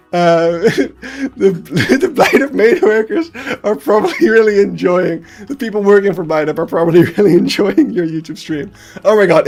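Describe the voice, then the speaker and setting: A streamer, chatting casually on a live stream and ranting heatedly with plenty of swearing, laughing at themself. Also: medium pitch. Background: faint background music.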